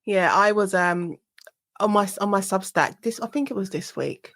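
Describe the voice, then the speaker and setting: A woman hosting a podcast interview, expressive in her speech and quick to laugh. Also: medium pitch. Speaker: podcast host. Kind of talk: conversational interview.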